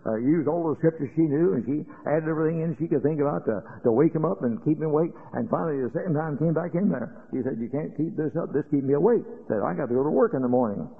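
A man preaching, telling a story in a folksy, halting way with many fillers and rising to loud warnings. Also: on the high side, vocal fry, breathy edge. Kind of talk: storytelling sermon. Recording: tinny old radio broadcast.

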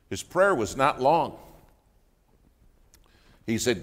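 A man preaching a sermon, telling a story with loud bursts and hushed asides. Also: mid-range voice, big pitch swings, moderate pace, pauses often.

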